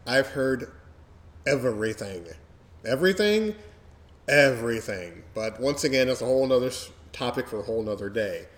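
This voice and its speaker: A mellow man in his forties telling stories in casual podcast chat, rambling along with many fillers. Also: medium pitch, brisk, a little hiss or hum. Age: 40s.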